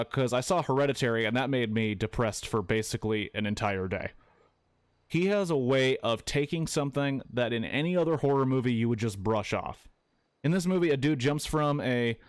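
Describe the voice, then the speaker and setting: Man, casual streamer, excitable, swears a lot, mid pitch, dry close sound. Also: dry recording. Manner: excitable, profane storytelling with many fillers. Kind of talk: casual retelling of a film while playing a game.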